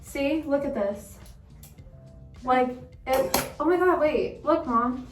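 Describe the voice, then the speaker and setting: High, excitable woman in an echoey room. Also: slow, music in the background. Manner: breathless and excitable, repeating herself. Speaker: vlogger. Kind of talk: live reactions to the camera. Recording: echoey room, mic at a distance.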